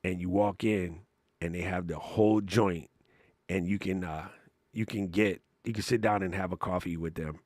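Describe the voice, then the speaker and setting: A man's voice: low voice, steady tone, moderate pace, darkish tone, no room sound. A man hosting a casual livestream Q&A, telling stories in a laid-back, slangy way and laughing often. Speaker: host answering live chat questions.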